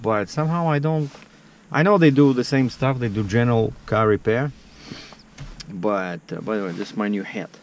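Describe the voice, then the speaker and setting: A man's voice: lowish voice, normal speed. A man vlogging casually outdoors, telling a story to the camera in a chatty, filler-heavy way. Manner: chatty, filler-heavy, acts out the other people's lines in dialogue.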